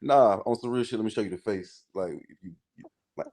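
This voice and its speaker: A man co-hosting a casual live-stream chat, halting and searching for his words. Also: fairly low pitch, gravelly, a little mellow. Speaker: co-host.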